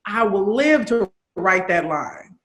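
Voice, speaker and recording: A woman's voice: mid-range voice, sing-song, slow. A woman in her thirties from Chicago, a guest in a casual interview, talking candidly and animatedly and swearing freely. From Chicago, USA. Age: 30s.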